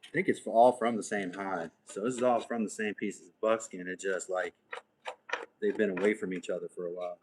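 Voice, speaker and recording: A man hosting a live crafting stream from his workshop, thinking aloud in an unhurried way and muttering to himself as he works. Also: sits low, fairly even intonation, a little hiss or hum, rough recording. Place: home workshop.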